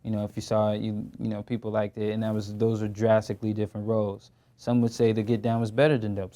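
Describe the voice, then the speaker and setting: A young actor in his twenties talks fast in a lowish voice, with hardly any pauses. He's a guest in a studio interview, chatting casually in a relaxed, loose, slangy way with lots of fillers.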